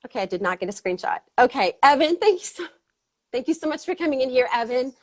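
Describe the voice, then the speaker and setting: Breathless excited woman hosting a livestream. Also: sits high, fast talker. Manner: breathless, excited, rambling with many fillers. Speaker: host. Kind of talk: casual motivational livestream talk.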